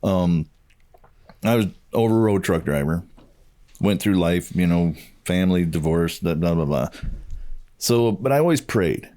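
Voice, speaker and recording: A man's voice: sits low, expressive, a little slow, long pauses, dark tone. A middle-aged man sharing a personal testimony in casual chat, telling the story with quoted dialogue. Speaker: podcast co-host.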